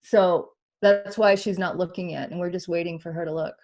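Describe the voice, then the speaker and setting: A woman healer giving a spiritual reading on a talk show, speaking in an animated way, acting out inner voices and laughing often. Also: on the low side, normal speed.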